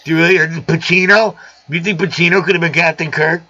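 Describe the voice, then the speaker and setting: Bright-voiced joking male show host. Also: fairly high pitch, steady tone, fast talker, muffled recording. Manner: rambling, jokey riffs on old movies. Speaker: host of a live aquarium show. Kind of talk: casual chat.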